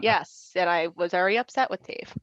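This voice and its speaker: A woman's voice: lowish voice, moderate pace, a bit bright, no room sound, highs cut off. A young woman in her twenties, an arm wrestler, chatting casually in an interview, laughing often and acting out quoted voices.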